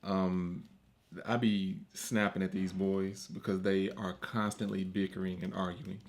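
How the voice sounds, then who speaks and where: A man in his thirties, a podcast co-host, chatting casually and telling stories about his kids, acting out their lines in raised voices. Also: a little slow. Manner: animated storyteller, acts out quotes in high voices. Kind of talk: casual chat.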